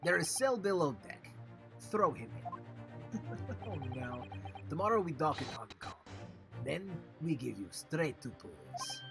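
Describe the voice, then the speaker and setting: A man voicing a gruff ship's captain, blunt and clipped. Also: a little high, big pitch swings, a little slow, long pauses, music in the background, full character voice. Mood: harsh.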